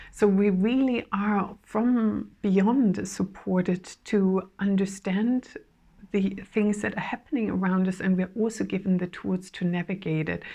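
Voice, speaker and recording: A woman with a voice going hoarse, giving an earnest, flowing spiritual talk about channeled messages, with soft laughs and fillers. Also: medium pitch.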